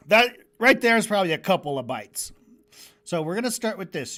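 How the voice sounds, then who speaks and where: A man's voice: sits high, animated, moderate pace, fairly bright tone. Rambling, joking man on a livestream. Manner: rambling, joking, swears casually. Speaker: animator and livestream host. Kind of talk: casual livestream chat while working.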